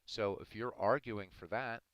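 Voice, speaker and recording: A man's voice: fairly low pitch, fairly even intonation, normal speed, dry recording, lo-fi sound. A man hosting a live stream, earnestly arguing his views and answering viewers in chat by name. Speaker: livestream host talking to chat. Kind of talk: casual live-stream commentary.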